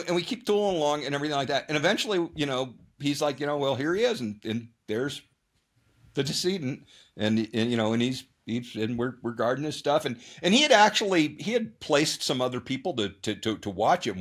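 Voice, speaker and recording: A man's voice: mid-range voice, normal speed. A man telling a long story in a casual interview, rambling and repeating words, acting out his own thoughts and other people's lines. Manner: rambling, animated, many restarts and repeated words. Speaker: guest ultrarunner.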